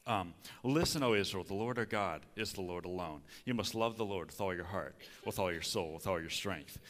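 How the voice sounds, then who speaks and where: A man's voice: low-pitched, a bit bright. A middle-aged man preaching a sermon in a church, folksy and conversational, often checking in with his listeners. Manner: folksy, conversational, frequent "okay?" asides. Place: church sanctuary. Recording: long hall reverb.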